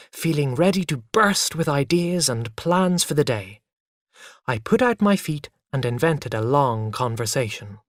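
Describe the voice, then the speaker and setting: Slow, lively-voiced male story reader. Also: mid-range voice, no room sound, clean studio sound. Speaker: narrator. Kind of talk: slow story reading for learners.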